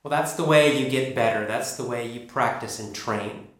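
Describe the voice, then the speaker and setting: A man teaching an English pronunciation lesson, drilling sounds and words slowly and emphatically. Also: mid-range voice. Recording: echoey room.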